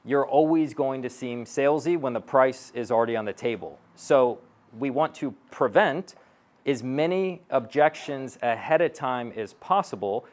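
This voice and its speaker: A man in his thirties giving a live stage talk as a sales coach, blunt and profane, acting out bits of sales-call dialogue. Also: mid-range voice. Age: 30s. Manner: blunt, profane, punchy delivery; acts out sales-call dialogue in quick asides. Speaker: sales coach speaking to an audience.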